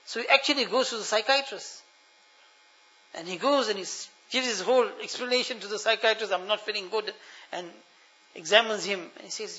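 A man preaching a sermon, telling a story and pleading earnestly with his listeners, dropping to a hush and then rising loud. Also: sits high, a little fast, pauses often. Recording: dull lo-fi sound.

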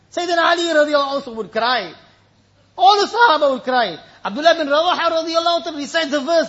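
High-voiced male preacher, emotional, lo-fi. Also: animated, quick pace, a bit bright. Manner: emotional, storytelling preacher with Arabic recitation. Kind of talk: sermon.

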